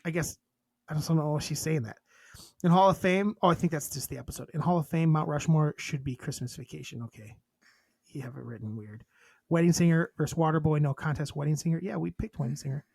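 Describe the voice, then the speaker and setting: A man's voice: fairly high pitch, quick pace, creaky, darkish tone, husky, no echo. A man co-hosting a podcast in casual chat, reading a list aloud and cracking crude jokes between items. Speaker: podcast co-host.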